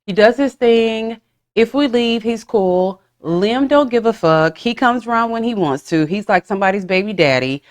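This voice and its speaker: A woman's voice: fairly high pitch, moderate pace. A woman in her forties hosting a podcast, telling stories in casual chat and slipping into voiced asides, with frank swearing. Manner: animated storytelling with voiced asides and profanity. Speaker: podcast host.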